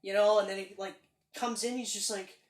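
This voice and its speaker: A woman co-hosting a podcast, reviewing a film in casual chat, animated and emphatic, acting out lines and swearing freely. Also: mid-range voice, moderate pace. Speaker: podcast co-host. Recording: roomy echo.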